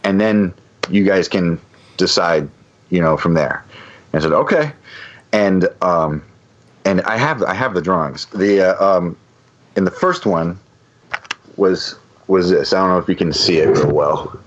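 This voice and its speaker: A man's voice: sits low, measured pace, pauses often, highs cut off. A man telling a long story on a podcast, rambling with many restarts and fillers. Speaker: podcast guest. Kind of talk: casual storytelling.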